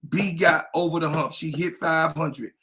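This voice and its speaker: Hyped man repeating shout-outs. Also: a little high, fairly even intonation, normal speed. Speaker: podcast co-host. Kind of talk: casual livestream chat.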